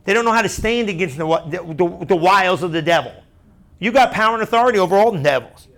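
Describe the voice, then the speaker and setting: A man pastor preaching a sermon through a story, chatty and animated, often asking the crowd "right?". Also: high-pitched, fast talker.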